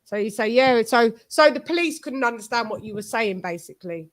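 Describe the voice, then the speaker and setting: A woman's voice: fairly high pitch, expressive, brisk, no echo. Cockney woman rambling on her boxing channel, slangy, dry close mic. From East London, England. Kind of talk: casual chat.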